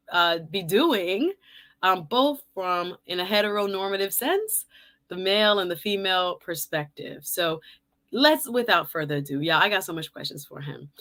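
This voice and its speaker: A woman's voice: medium pitch, fairly bright tone. A woman hosting a casual live-stream talk show, chatty, laughing often and speaking to her viewers as y'all. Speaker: host.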